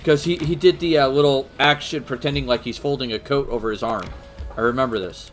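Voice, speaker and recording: Relaxed man chatting on a livestream. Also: medium pitch, soft background music. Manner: relaxed, halting with many fillers, greets chat viewers. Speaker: livestream co-host. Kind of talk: casual chat.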